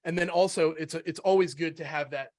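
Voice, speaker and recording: A man's voice: a little high, fairly even intonation, quick pace, darkish tone, no room sound. A man hosting a sales webinar, talking in a casual, upbeat, conversational way as he leads the discussion. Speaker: webinar host.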